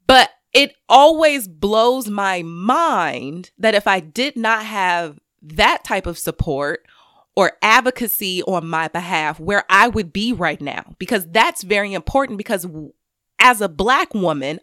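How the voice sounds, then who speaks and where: A woman giving an intense personal monologue to camera, swearing freely and swinging between loud anger and quiet grief. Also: medium pitch, very animated, a little slow, dry recording, clean studio sound. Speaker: commentator speaking to camera.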